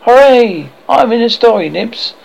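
A man voicing an eager, excitable small boy listening to a story. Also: a little high, a little slow, creaky, breathy edge, heavily acted, poor audio. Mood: excited.

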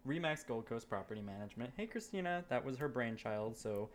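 A man in a casual podcast chat tells a story with lively, profane energy. His pitch sits in the middle range. A faint noise hums behind him. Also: brisk. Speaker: podcast co-host.

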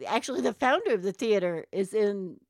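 A middle-aged woman in a casual chat, backing up the other speaker with quick agreement and laughs. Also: medium pitch, lively intonation, dry recording, studio quality. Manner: supportive, chimes in with agreement and laughs. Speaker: podcast co-host, mother of the other host.

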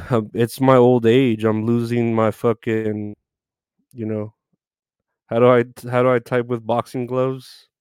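A man's voice: mid-range voice, level tone, takes it slowly, long pauses, darkish tone, clean tone, no room sound. A man hosting a live stream, greeting viewers by name in loose, profane chat with frequent laughs.

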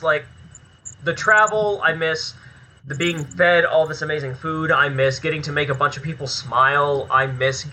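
A man chats openly as a podcast guest, swearing freely as he talks. His voice sits a little high, with a very bright, cutting edge. He sounds relaxed and frank throughout. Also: a little hiss or hum, rough recording. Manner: candid, swears freely, chatty. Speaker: podcast guest, filmmaker and actor. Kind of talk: casual podcast interview.

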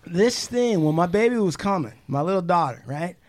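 A man's voice: sits high, animated, moderate pace, a little mellow. A man co-hosting a comedy podcast, joking and telling stories with "listen, let me tell you" asides. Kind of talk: casual podcast banter.

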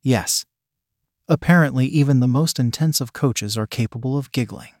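Male narrator, first-person story, mid-pitched voice, dry close recording. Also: normal speed, a little mellow, no room sound.

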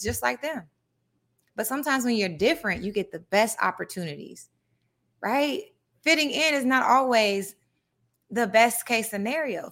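A young adult woman hosting a live podcast, talking in an animated, conversational way and now and then reading passages aloud. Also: on the high side, creaky. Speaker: podcast host.

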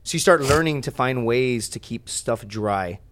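A young man with a mid-range voice recounts a story on a podcast as a guest, speaking at a measured pace. His casual delivery is rambling and profane, full of lively asides.

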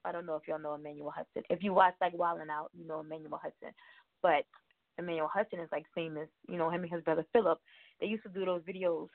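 A woman's voice: lowish voice, fairly even intonation, fast talker, dry recording. A woman hosting a radio show, chatting casually in a rambling way and laughing often. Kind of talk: casual show chat reading birthdays. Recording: tinny phone-like line, dry.

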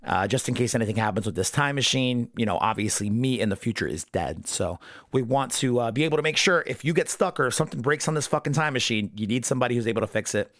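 A man at an ordinary middle pitch talks through an episode in loose, unscripted commentary, swearing often and slipping into brief character impressions. The sound is dry and close, with almost no room around it. He speaks as the host of a casual fan podcast. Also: animated, fairly bright tone, no room sound. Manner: profane, rambling, acts out character lines in quick impressions.

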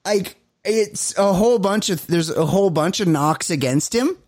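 A man's voice: high-pitched, moderate pace. Laid-back man co-hosting a podcast. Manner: relaxed, filler-heavy, wry. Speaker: podcast co-host. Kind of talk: casual podcast chat.

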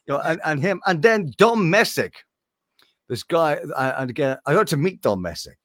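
A man's voice: fairly high pitch, moderate pace, dry recording, clean studio sound. A man who works as a voice actor, talking casually in an interview in a room hung with animation art. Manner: animated, slips between impressions.

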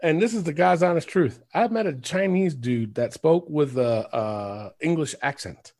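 A man's voice: on the high side, lively intonation, moderate pace, darkish tone. A man co-hosting a podcast in casual chat, rambling and swearing freely, often laughing. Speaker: podcast co-host.

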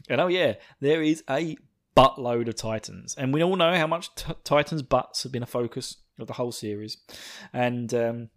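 A man's voice: mid-range voice, moderate pace, fairly bright tone. A young man from England with an Essex accent, hosting a podcast in casual, self-mocking chat and laughing often. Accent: Essex English. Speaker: podcast host.

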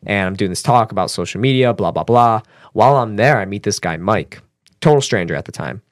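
A man telling a personal story as a podcast guest, casual and animated, swearing and using fillers. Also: brisk, dry recording, clean studio sound. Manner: animated, acts out quotes with raised pitch.

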